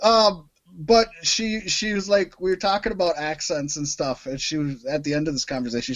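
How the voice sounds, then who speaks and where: A man's voice: fairly high pitch, quick pace, hardly any pauses. A man co-hosting a casual wrestling podcast, rambling and joking with frequent laughter. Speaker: podcast co-host. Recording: dull lo-fi sound, dry.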